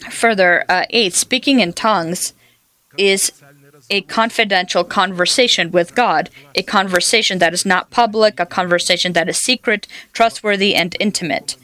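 A woman's voice: medium pitch, moderate pace, sharp tone, no echo. A woman preaching a sermon, telling personal stories and quoting scripture in an earnest way. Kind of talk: sermon teaching.

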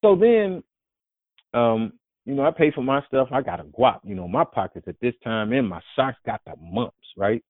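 A man casually telling a long, profane, rambling story as a guest, often breaking into animated quoted voices. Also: normal speed, dry recording. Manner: profane, rambling, jumps into high animated voices when quoting others. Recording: dry, tinny phone-like audio.

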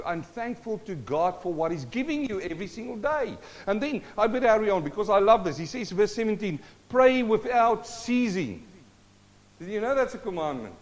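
A man preaching a sermon as pastor, exhorting his listeners with rhetorical questions. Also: sits high. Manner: exhorting, rhetorical questions, sings a hymn line. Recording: dull, long-reverb church hall.

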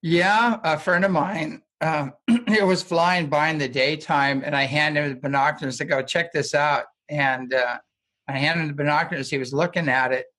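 A man's voice: fairly high pitch, steady tone, moderate pace, a bit bright. Rambling man telling a strange story. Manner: rambling, with frequent restarts and chuckles. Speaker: guest. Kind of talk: casual storytelling in conversation.

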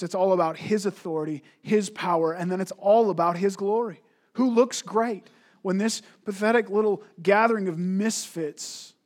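A man delivers a sermon in a fairly high, husky voice. He preaches emphatically, firing rhetorical questions and often stumbling over repeated words as he pushes his point. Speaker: pastor.

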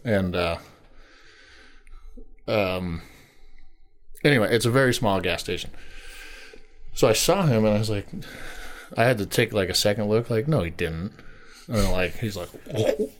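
A man telling a story on a casual podcast, swearing freely and acting out shouted lines. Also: on the low side, normal speed, long pauses. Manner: animated storyteller, swears a lot, acts out shouted quotes. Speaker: podcast co-host.

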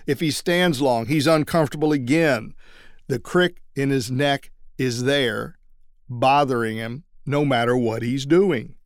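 A trial lawyer teaching other lawyers how to persuade juries, telling a story and acting out everyday quotes. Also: male voice, medium pitch, a little slow, no room sound, studio quality.

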